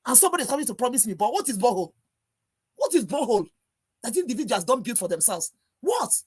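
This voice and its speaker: Her fairly high voice races along, very animated, a little mellow with a breathy edge. She has a Nigerian English accent and speaks as a video-call panelist on a live stream, exasperated and angry, piling up rhetorical questions.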